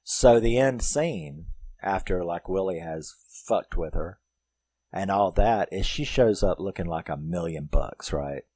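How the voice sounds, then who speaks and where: A man's voice: deep voice, animated, unhurried, darkish tone, dry recording. A man giving a casual spoken film recap, rambling and profane, full of filler words. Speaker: film reviewer.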